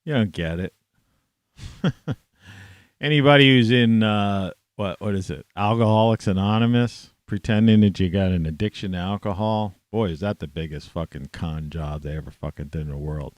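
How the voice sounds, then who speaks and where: A man ranting to camera in a rambling, profane monologue, scornful and swearing constantly, with sudden loud outbursts. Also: low voice, normal speed, no echo. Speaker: vlogger.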